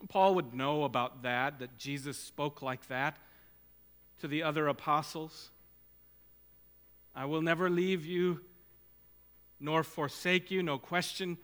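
Bright-voiced preacher in a reverberant hall. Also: male voice, on the high side, clean tone. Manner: earnest, repetitive exhortation. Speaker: pastor. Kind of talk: sermon.

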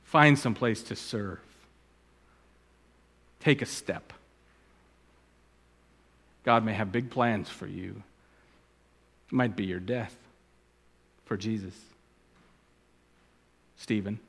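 A man preaching a sermon as a pastor, talking conversationally and wandering into asides that trail off quietly. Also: lowish voice, slow, gravelly, long pauses, slightly rough, big-room sound.

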